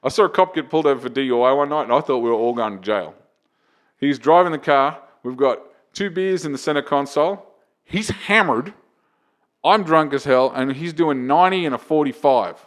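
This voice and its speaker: A man, a comedian chatting on a podcast and telling lively, profane anecdotes. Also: medium pitch, fairly quick. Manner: animated, profane anecdotes with acted-out quotes. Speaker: comedian and open mic host. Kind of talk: casual podcast storytelling.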